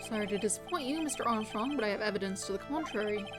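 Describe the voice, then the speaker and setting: A woman's voice: mid-range voice, animated, quick pace, over music, lightly acted. Woman reading an earnest young lawyer. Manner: earnest, accusing. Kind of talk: reading game dialogue aloud on stream.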